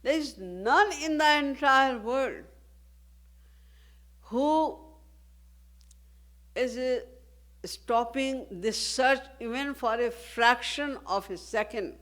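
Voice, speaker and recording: A woman spiritual teacher giving a devotional discourse, speaking in a measured way and posing rhetorical questions. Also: a little high, fairly bright tone.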